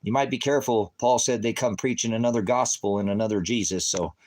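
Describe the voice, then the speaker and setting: A man running a ministry channel, ranting angrily at his chat on a livestream, profane and rambling, swinging between shouting and low muttering. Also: fast talker, slight background noise. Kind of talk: angry livestream rant at chat.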